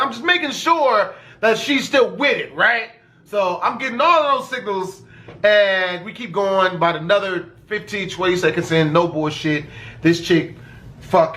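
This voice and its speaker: A young man with a very high speaking voice tells a story from his own life in a loose, rambling way. He swears constantly and gets animated, sometimes jumping into excited shouts. His tone stays bright and forceful. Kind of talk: casual storytime monologue.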